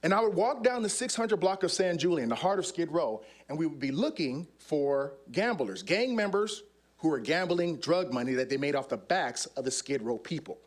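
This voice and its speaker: A former undercover officer speaking on a conference stage, telling stories and acting out the scenes. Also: male voice, fairly high pitch, lively intonation, moderate pace. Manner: demonstrative, acts out scenes. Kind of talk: animated storytelling talk.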